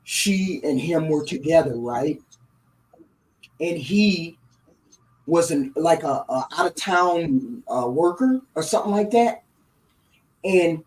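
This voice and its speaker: Middle-aged woman co-host, casual animated storyteller, warm mellow tone, sits back from the mic. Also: low voice, measured pace, distant mic, rough recording. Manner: animated retelling, tags lines with "right?". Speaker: podcast co-host.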